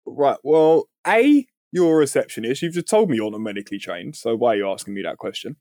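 A man, telling a story on a podcast in a casual, animated way and swearing freely. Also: medium pitch, a little fast, no room sound, clean studio sound. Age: 30s. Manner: animated, swears freely, acts out quoted voices. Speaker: podcast co-host.

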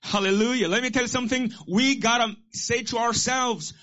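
Male pastor, high voice, exhorting sermon, repeats lines for the congregation, dull muffled recording. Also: steady tone, fairly quick, sharp tone. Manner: exhorting, repeats key lines and has the congregation echo them.

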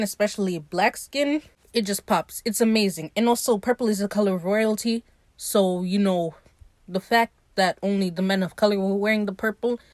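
Excited woman gushing over a show. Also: mid-range voice, dry recording. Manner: animated, gushing and swearing, acts out the characters' lines. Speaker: podcast host recapping a TV episode. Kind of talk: casual solo commentary.

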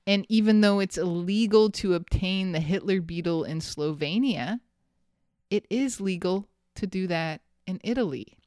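Smooth-voiced host with laughing storytelling. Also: mid-range voice, a little slow, dry recording, studio quality. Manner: animated, laughing often, some restarts. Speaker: podcast host telling the story. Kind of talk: casual storytelling chat.

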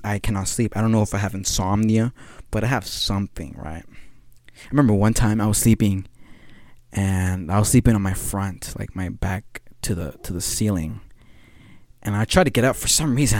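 Young male podcast host, lowish voice, loose slangy ramble, a bit tired, dry close sound. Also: darkish tone, no echo. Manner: slang-heavy, rambling, laughs often. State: a little tired. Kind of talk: casual solo monologue.

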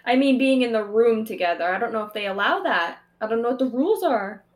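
A woman's voice: a little high, animated, fast talker. A young woman co-hosting a podcast, chatting casually and laughing often. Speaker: podcast co-host. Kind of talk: casual chat.

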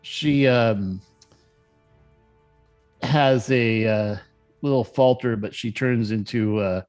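Brief: male game master, unhurried, pauses and fillers, mid pitch. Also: darkish tone, soft background music. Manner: halting, many fillers. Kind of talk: narrating a tabletop game.

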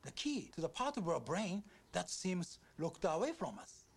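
A man's voice: high-pitched, big pitch swings, moderate pace, vocal fry, husky, full character voice. An actor voicing the solemn male narrator of a martial-arts film, heard as film audio with faint music behind. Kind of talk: dramatic movie narration.

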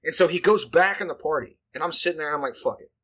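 Guy in his 30s telling a story, bright voice, lots of likes and swearing. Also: on the high side, quick pace. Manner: profane, rambling, filler-heavy delivery. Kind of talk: casual storytelling chat.

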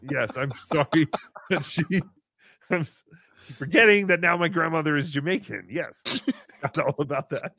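Man, livestream host, sarcastic, jokey, bright, dry close mic. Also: fairly high pitch, moderate pace, creaky, no echo. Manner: animated, jokey, sarcastic, swings between loud bursts and mumbled asides. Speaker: host reading paid chat messages. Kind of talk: casual livestream banter.

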